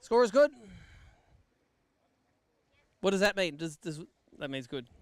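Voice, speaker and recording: A man's voice: high voice, expressive, fairly quick, no echo. An Australian man acting as MC at an outdoor fishing weigh-in, giving live commentary and bantering with the anglers.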